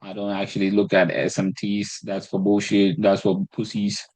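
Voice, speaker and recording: Low-pitched guy going over his trading charts, rambly, swears a lot, knocks himself down, dry close sound. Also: flat delivery, moderate pace, darkish tone, no room sound, poor audio. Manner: rambling and self-deprecating, swears freely, restarts phrases. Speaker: day trader reviewing his trades. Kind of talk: casual screen-recorded trading breakdown.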